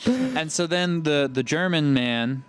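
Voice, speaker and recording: A man's voice: fairly high pitch, big pitch swings, slow pace, a crowd in the background. A man in his twenties casually retelling a film's plot on a podcast, rambling with many fillers and restarts. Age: 20s. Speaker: podcast co-host. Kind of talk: casual movie recap chat.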